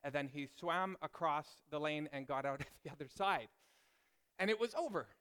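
Pastor guy preaching, kinda high smooth voice, pokes fun at himself. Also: moderate pace. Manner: self-deprecating storyteller, animated. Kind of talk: sermon with a personal story.

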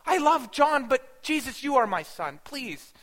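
A man's voice: on the high side, normal speed, fairly bright tone, close to an everyday voice. A man playing Mary, the wounded, faithful mother. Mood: pleading. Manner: earnest, emotional storytelling with rising pleas. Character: grieving mother, bewildered yet faithful woman. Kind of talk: first-person dramatic sermon monologue. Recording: long hall reverb.

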